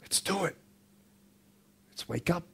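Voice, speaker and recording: Impassioned bright-voiced male motivational speaker. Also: slow. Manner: impassioned, swinging between loud urging and hushed intensity; direct rhetorical questions to listeners. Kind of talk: motivational speech to a school audience.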